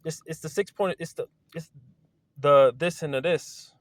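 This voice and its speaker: A man in a casual, rambling monologue outdoors, excitable and wandering, swearing now and then. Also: on the high side, moderate pace, a little hiss or hum. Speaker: video creator. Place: outdoors among trees.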